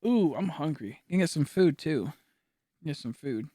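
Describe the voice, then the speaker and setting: A man's voice: on the high side, lively intonation, a little slow, dark tone, no room sound, clean studio sound. A young man chatting casually while streaming a game, rambling with mumbled asides and lots of fillers. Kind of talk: casual live-stream chat while gaming.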